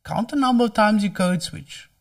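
A South African man with a Cape Town accent talks as a guest, thinking aloud and restarting his sentences. His voice is a touch higher than usual for a man. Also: lively intonation, normal speed, vocal fry. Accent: Cape Town South African English. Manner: thoughtful, hesitant restarts. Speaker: podcast guest. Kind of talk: casual conversation.

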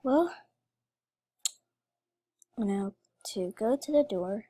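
A woman's voice: mid-range voice, slow pace, pauses often, darkish tone. A woman giving let's play commentary, talking emotionally to her viewers as she plays. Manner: emotional, talks to viewers while playing. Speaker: gaming video creator.

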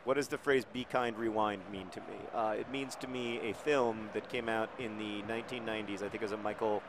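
A man's voice: fairly low pitch, a little fast, noisy background. Man rambling through jokey game commentary. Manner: rambling, jokey, deadpan asides. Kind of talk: casual gameplay commentary.

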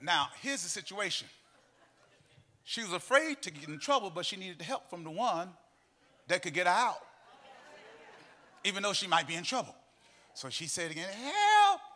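A middle-aged man preaching a sermon in a church. He tells stories and breaks into sung, shouted cadences, with faint music behind him. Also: high-pitched, lively intonation, moderate pace, long pauses. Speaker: pastor. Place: church sanctuary.

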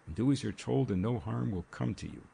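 A man's voice: lowish voice, fairly quick, gravelly, warm tone, a little hiss or hum. A man voicing a curt, menacing kidnapper.

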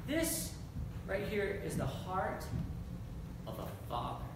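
A male pastor preaching a sermon in a conversational, animated way, acting out scripture as he goes. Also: high voice, slow, gravelly. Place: church. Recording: echoey church hall, distant mic, background noise.

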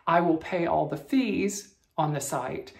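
A woman's voice: low-pitched, measured pace, vocal fry. A woman hosting a cross-stitch vlog from her bedroom, chatting in a friendly, rambling way to her viewers. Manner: friendly, chatty, with frequent restarts and soft laughs. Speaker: cross-stitch vlogger host. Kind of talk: casual chat to viewers. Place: bedroom at home.

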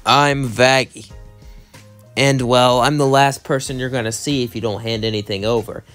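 A tough, guarded young woman fighter who answers in short, wary lines, as a man voices her in a fan story. The voice stays close to an ordinary mid-pitched man's voice. Faint music sits in the background. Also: steady tone, moderate pace, fairly bright tone, natural voice. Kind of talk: fan story read-aloud.

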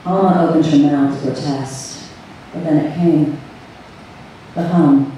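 A woman reading her own story aloud to a live audience, measured and unhurried. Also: sits low, fairly even intonation, dark tone, a little hiss or hum. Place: event room on a cruise ship. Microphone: far audience camera. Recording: echoey hall recorded from far off.

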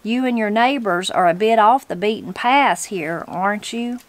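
A woman's voice: mid-range voice, animated, normal speed, close to an everyday voice. A woman with a Southern Appalachian accent voicing a sorrowful, blunt, tall man in his sixties in a storybook reading. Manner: mournful, blunt and terse.

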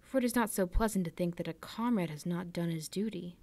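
A woman's voice: fairly low pitch, brisk, a little mellow. A woman reading aloud, voicing a sly, jealous male ship's clerk with an insinuating manner.

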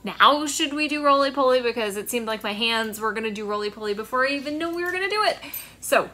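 A woman's voice: a little high, animated, quick pace, sharp tone, slight background noise. A young woman, a children's librarian, cheerfully talking young children through a storytime.

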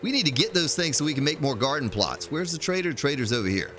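A man's voice: on the high side, sing-song, fast, a bit bright, a little hiss or hum. A man streaming a game, chatting casually and thinking aloud as he plays. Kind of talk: casual gameplay commentary.

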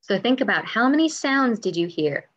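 A woman's voice: mid-range voice, very animated, moderate pace, fairly bright tone, lo-fi sound, a little hiss or hum. A woman music teacher giving an online lesson to young children, drawing out words in a sing-song way and asking lots of encouraging questions.

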